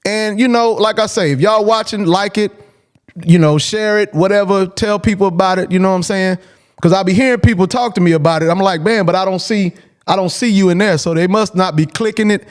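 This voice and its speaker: A man's voice: high-pitched, brisk. A man hosting a call-in show, talking casually and bluntly, repeating his points for emphasis. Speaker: host.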